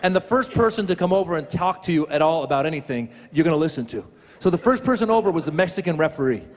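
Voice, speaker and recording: A man performing a stand-up comedy set, telling stories with animated, acted-out voices on stage. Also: on the high side, quick pace, big-room sound. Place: comedy stage before a live audience.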